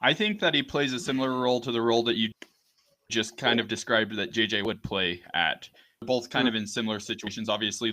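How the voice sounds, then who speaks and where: Low, bright-voiced man talking football. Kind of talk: casual sports chat. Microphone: online call.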